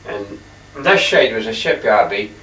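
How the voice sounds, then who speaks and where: An older man talks his halting, wandering way through his paintings, often clearing his throat. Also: on the low side, lively intonation, a bit bright. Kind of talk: rambling casual reminiscence. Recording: echoey room, distant mic, faint hiss.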